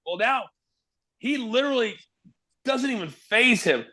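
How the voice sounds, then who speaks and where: Animated storytelling man from Kansas. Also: high voice, measured pace. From Kansas, USA. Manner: animated storyteller who acts out quotes. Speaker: guest, former wrestling broadcaster. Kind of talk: casual interview storytelling.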